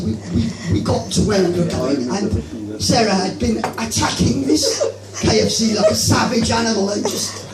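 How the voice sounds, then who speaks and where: Guy rambling through a stand-up bit, high voice, echoey room, mic kinda far. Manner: rambling, self-deprecating, halting restarts. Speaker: stand-up comedian. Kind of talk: open-mic stand-up storytelling. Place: open-mic comedy venue.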